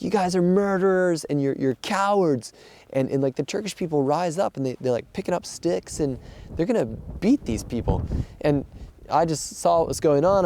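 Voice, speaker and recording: A man's voice: a little high, creaky, dark tone. A man working as a missionary aid worker tells what happened in an earnest way, acting out the things people said. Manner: earnest storytelling, acting out quoted dialogue. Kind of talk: casual spoken account of events.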